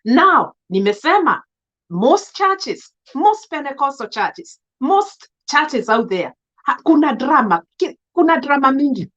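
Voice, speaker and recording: Kenyan woman on a live stream, highish voice, outspoken, mixing english and swahili, kinda lo-fi webcam sound. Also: very animated, measured pace, fairly bright tone. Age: adult. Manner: switches between English and Swahili, greets viewers by name, emphatic and outspoken. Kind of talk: casual live-stream monologue.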